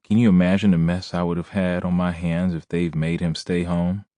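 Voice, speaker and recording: A man's voice: deep voice, little pitch movement, moderate pace, mellow, no room sound, natural voice. A man reading an audiobook, voicing an eager, affectionate young mother with a sweet, familiar manner. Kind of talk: audiobook character voice.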